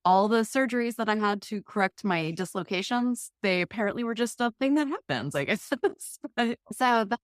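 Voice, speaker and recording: A woman's voice: medium pitch, lively intonation, moderate pace, hardly any pauses, dry recording, clean studio sound. A woman in her forties, a podcast guest, talking candidly and expressively about her life, often laughing at herself. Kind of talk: candid conversational interview.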